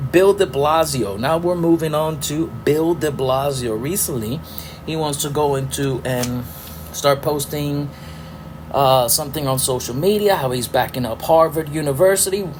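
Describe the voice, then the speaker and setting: A man's voice: fairly high pitch, a little slow, slight background noise, rough recording. A middle-aged man hosting a podcast, ranting angrily with profanity and sarcastic rhetorical questions. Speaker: podcast host. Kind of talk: ranting political commentary.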